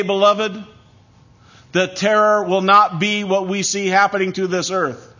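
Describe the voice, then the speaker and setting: Solemn preaching man, slightly high voice. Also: little pitch movement, pushed and bright. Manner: solemn, emphatic preaching with measured pauses. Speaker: pastor. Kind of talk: sermon. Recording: dull lo-fi recording.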